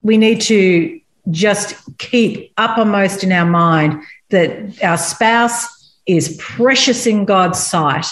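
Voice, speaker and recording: A woman's voice: medium pitch, takes it slowly. A woman speaking on marriage from a Christian view, earnest and candid as she tells stories from her own marriage. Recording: roomy echo.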